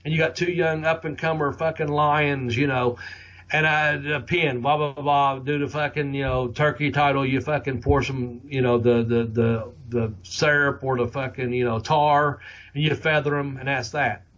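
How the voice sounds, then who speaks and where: A man's voice: mid-range voice, fairly even intonation, normal speed, a bit bright. A middle-aged man hosting a podcast, telling rambling, heavily profane stories in a casual way. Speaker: podcast host. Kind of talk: casual storytelling.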